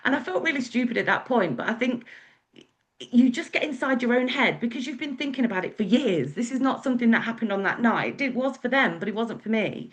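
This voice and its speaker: A woman's voice: a little high, expressive, brisk. Chatty Englishwoman telling her story. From England. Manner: chatty, candid, with acted-out quotes. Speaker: guest speaker. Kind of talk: personal storytelling.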